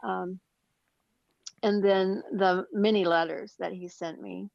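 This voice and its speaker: A woman's voice: medium pitch, fairly even intonation, takes it slowly, gravelly, dry recording, lo-fi sound. A woman being interviewed as a book author, recounting events earnestly with frequent fillers. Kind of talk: interview answers.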